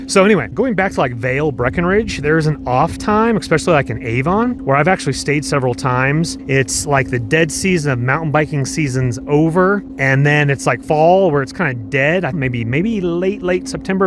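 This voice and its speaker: A man's voice: medium pitch, noisy background. An American man talking casually as a travel vlogger, rambling and correcting himself with upbeat slang while skiing outdoors. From United States. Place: outdoors on a ski slope.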